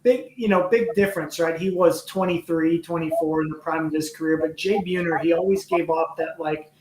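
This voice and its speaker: High-voiced chatty man in an echoey room. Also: steady tone, brisk. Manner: eager, talkative, rambling. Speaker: podcast co-host. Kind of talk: casual chat.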